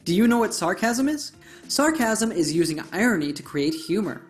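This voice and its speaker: A woman narrating a scripted English lesson, explaining words clearly and stressing key terms. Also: medium pitch, big pitch swings, moderate pace, faint music behind. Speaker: English teacher.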